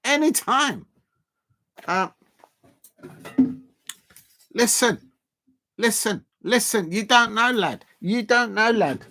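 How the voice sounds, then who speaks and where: A man's voice: high voice, lively intonation, slow pace, long pauses, bright, forceful tone. Chatty man hosting a livestream. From South London. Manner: rambling, chatty, reads and answers viewer messages. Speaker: livestream host. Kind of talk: live football watchalong chat.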